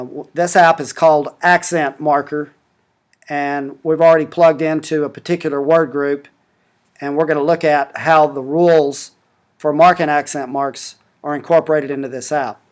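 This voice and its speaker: Man explaining a language app. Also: fairly high pitch. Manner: patient, explanatory, with fillers and restarts. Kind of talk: screen-recorded tutorial.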